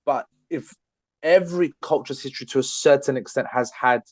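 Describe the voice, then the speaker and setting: A man's voice: mid-range voice, normal speed, a little mellow, no echo. A man co-hosting a podcast, talking earnestly and at length in casual chat. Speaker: podcast co-host, trained therapist.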